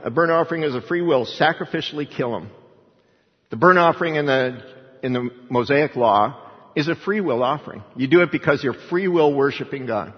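A middle-aged man giving an informal Bible teaching, talking conversationally and reading scripture aloud. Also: mid-range voice. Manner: conversational, reads scripture aloud, chuckles often. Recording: dull sound with long hall reverb.

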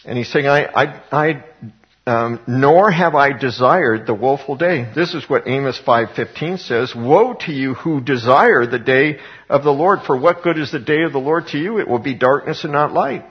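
A man's voice: medium pitch, expressive, moderate pace, slightly rough, dull audio. A man preaching a sermon, reading scripture aloud and explaining it in a conversational way, with frequent fillers and repeated words, rising to emphatic passages.

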